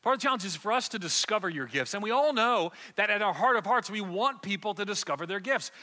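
Male preacher, fairly high and bright-toned, passionate storyteller who repeats himself as he builds to loud peaks. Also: lively intonation, fast talker. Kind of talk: sermon.

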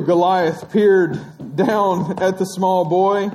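A man, teaching children on a stage as they act out a story. He is animated, stretches words for drama and laughs often. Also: fairly high pitch, moderate pace.

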